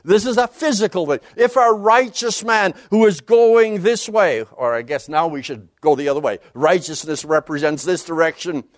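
A man giving an expository Bible lecture, emphatic and animated, dropping low and quiet to stress key words and reading scripture passages aloud quickly. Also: no echo, studio quality. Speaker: Bible teacher.

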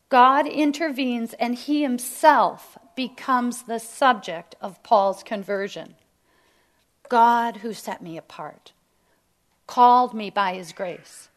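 A woman teaching a Bible study to women, emphatic and sometimes dropping to a near whisper. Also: mid-range voice. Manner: slow, emphatic, drops to near whisper at key lines.

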